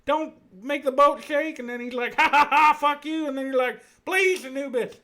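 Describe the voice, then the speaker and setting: A man voicing the ghost of an effeminate Southern man with a lisp, talking in a soft drawl during a comic livestream. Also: very high-pitched, normal speed, voice pushed up. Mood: chatty.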